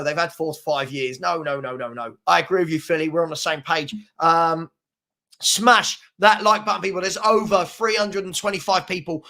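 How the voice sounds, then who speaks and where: A young man chats through a morning football livestream, reading viewer comments aloud. His voice sits slightly high and rings bright and forward. He rambles, stacks up repeated words, and jumps between topics. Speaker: host of a daily football livestream.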